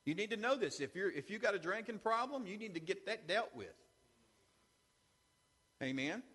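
A male pastor preaches in a high, expressive voice that swings widely in pitch. He peppers his sermon with asides to the congregation. His voice rings out with the long reverb of a church sanctuary. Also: normal speed, husky. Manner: animated preaching with call-and-response asides.

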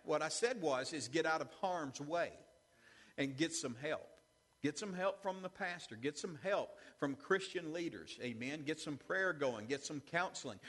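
High, animated preacher in a reverberant hall. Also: male voice. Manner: animated preaching with call-and-response asides. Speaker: pastor. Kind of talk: sermon. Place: church sanctuary.

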